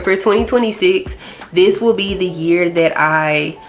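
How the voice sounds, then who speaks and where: A woman's voice: mid-range voice, expressive, slow, soft background music. A young woman vlogger talking candidly and casually, rambling a little as she shares her goals. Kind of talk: chatty personal vlog talk.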